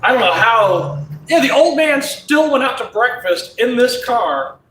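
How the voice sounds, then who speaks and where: Laid-back man with a high, bright voice. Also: very animated, a little slow, reverberant, slight background noise. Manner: laid-back, rambling, laughs often. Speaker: live streamer. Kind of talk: casual live-stream chat while doing body work.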